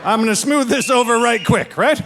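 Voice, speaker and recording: A man telling a brash, punchy stand-up story, shouting out the quoted lines. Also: extremely high pitch, fairly quick, over a noisy crowd, very noisy. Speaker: stand-up comedian.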